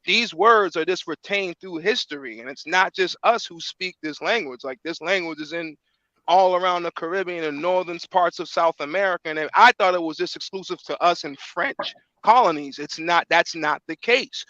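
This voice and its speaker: Casual male guest, rambling and filler-heavy, bright tone, dry close sound. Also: high voice, moderate pace, dry recording, highs cut off. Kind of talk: casual chat.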